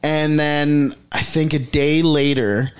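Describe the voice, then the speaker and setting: A man's voice: fairly high pitch, steady tone, slow, clear, resonant tone. Rambling man in casual podcast chat. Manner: rambling, hesitant, many fillers and restarts. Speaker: podcast co-host.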